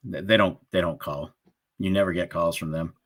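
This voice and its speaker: A man's voice: low voice, steady tone, brisk, fairly bright tone. A man co-hosting a livestream in casual chat, a laughing storyteller who acts out the people in his stories. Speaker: livestream co-host.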